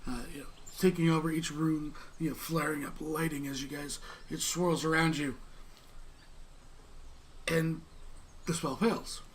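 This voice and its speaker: A man narrating as game master of a tabletop game in a relaxed, rambling way. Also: on the high side, measured pace, pauses often, slight background noise. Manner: relaxed, rambling, many fillers.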